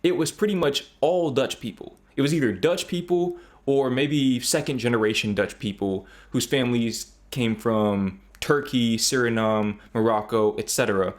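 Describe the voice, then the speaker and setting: A man's voice: mid-range voice, moderate pace, hardly any pauses. An American man hosting a reaction video, talking through his thoughts in a chatty, reflective way. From United States. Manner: chatty, reflective, thinking aloud. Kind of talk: casual commentary.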